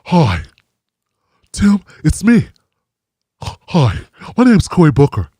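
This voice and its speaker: A man's voice: fairly high pitch, wildly swooping pitch, slow, mellow, husky, no room sound, studio quality, pitched below the performer's own voice, exaggerated voice. A man doing a mocking impression of a male politician who pleads for more love between gasps. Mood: pleading mockery.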